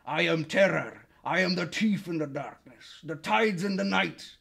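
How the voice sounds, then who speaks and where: Guy doing a big boastful warrior hero, slow and booming, lines drawn out like a movie epic. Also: creaky, bright, forceful tone, husky, exaggerated voice.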